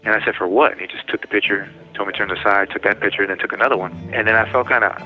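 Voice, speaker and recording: A man with a fairly low voice talks fast. He tells his story in a rambling way, keeps correcting himself and acts out the back-and-forth. The sound is thin, like a phone line. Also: fairly even intonation, soft background music. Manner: rambling, self-correcting, retells dialogue. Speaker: interviewee telling his story. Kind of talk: personal account in casual talk.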